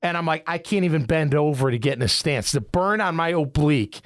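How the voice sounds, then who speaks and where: A middle-aged sports radio host from Illinois talks fairly quickly in a fairly high pitch. In casual conversation, he tells rambling, animated stories, restarting many times.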